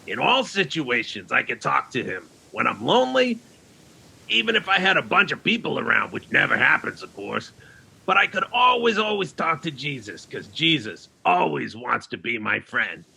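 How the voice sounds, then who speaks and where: A man's voice: medium pitch, very animated, normal speed, exaggerated voice. A man playing Frank, a cheerful, lonely castaway stranded on an island, who talks to kids in a chummy way and says "yous". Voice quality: gravelly, rough and bright. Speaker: children's program character. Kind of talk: kids' ministry skit monologue.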